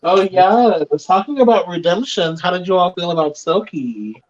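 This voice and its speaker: A man's voice: high voice, lively intonation, normal speed, muffled recording. A man hosting a casual group chat, talking in an emphatic, opinionated way. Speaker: podcast host.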